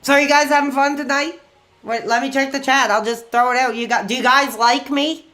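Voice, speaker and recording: A man in his forties chatting casually on a live stream while gaming, excitable and rambling, quick to get worked up. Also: very high-pitched.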